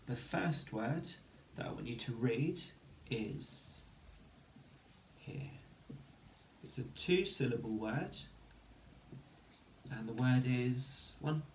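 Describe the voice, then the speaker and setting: A man's voice: medium pitch, a little mellow, echoey room, slight background noise. A man teaching a phonics lesson to children, counting to three and sounding out letters one by one. He mentions having hay fever. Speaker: primary school teacher.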